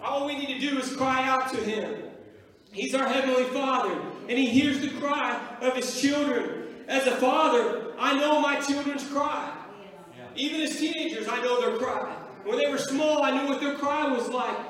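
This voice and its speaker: A middle-aged man preaches with a strikingly high voice, calling to the congregation again and again. He is heard from far off in a church, with a strong, long echo around him. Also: moderate pace, fairly bright tone. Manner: preaching, calls out to the church with repeated "Amen?". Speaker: pastor. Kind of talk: sermon. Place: church sanctuary. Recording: echoey hall from far off.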